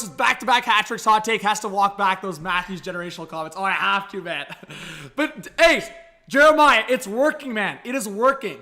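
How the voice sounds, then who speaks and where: A man doing excitable live reaction commentary on a hockey game as a stream host, talking straight to his chat. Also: high voice, normal speed. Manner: excitable, hyped, addresses the chat directly.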